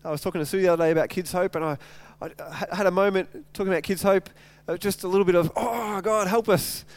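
In a dry recording, a male pastor with a high, clean-toned voice talks very fast. He retells scripture in casual everyday speech as animated storytelling, stumbling and repeating words throughout.

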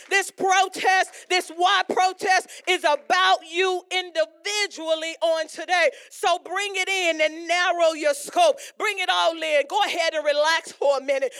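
A woman delivering a sermon in a very high, bright, forceful voice. She presses on her listeners with repeated questions and swells into shouted lines to drive each point home. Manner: emphatic preaching, rising to shouts, repeated rhetorical questions. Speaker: preacher.

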